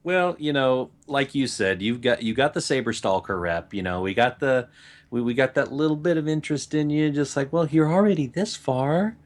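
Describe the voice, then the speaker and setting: A man's voice: medium pitch, animated, moderate pace. Male podcast co-host, mid-range voice, easygoing and supportive, teases between short affirmations. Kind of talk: casual gaming chat.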